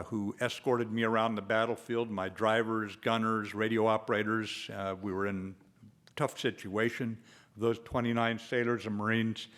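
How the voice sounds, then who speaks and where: An older man, a retired general, delivers a speech recounting a personal war story. He speaks in a measured way with lots of fillers, and his voice is lowish and a bit bright.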